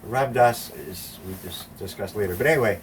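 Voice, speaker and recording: Brisk and low-voiced, an older male storyteller tells a sprawling, swear-heavy anecdote in casual conversation, putting on the voices of the people involved. The distant mic lets faint background noise in.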